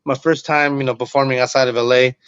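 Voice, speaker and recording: A man's voice: medium pitch, fast talker, clean tone, no room sound. A man in his forties, a comedian guest, telling a story in casual chat and acting out what people said. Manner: animated, acts out quoted lines. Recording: muffled lo-fi, dry.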